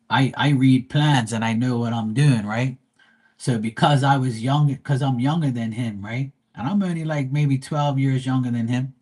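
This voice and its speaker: Man, husky voice, profane, heated casual storytelling, livestream. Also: mid-range voice, darkish tone. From Bermuda. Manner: profane, heated retelling of a quarrel. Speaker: live tarot reader.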